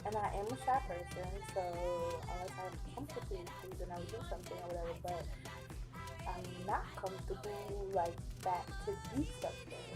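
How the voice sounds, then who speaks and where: A young woman telling a casual storytime vlog, animated, acting out the other people's lines in quick mock voices. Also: lowish voice, over music. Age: young adult. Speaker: vlogger.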